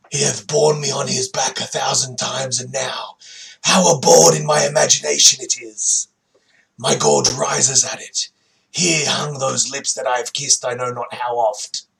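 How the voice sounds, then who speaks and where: A man voicing a theatrical adventurer who grandly recites old tragic verse, loud and declaiming, slightly higher than his own voice. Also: creaky, far from the mic, full character voice.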